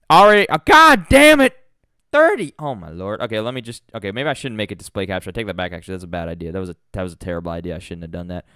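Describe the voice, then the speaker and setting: A man streaming a game live, excitable and easily flustered, with plenty of swearing, close on a desk mic at home. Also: mid-range voice, clean tone, no echo. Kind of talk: live-stream gaming commentary.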